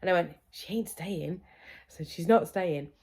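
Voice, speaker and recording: Low-voiced mum in her 30s chatting away to camera, candid, does her kids' voices. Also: a little slow, a little mellow, slightly rough. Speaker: parenting vlogger. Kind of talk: casual chat to camera.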